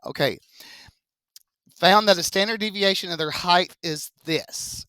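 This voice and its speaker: Math teacher, young adult, bright and punchy, dry close mic, quizzes class with playful asides. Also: medium pitch, a little slow, clean tone, dry recording. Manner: chatty, joking asides, quizzing students. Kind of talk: classroom statistics lecture. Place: classroom with live students.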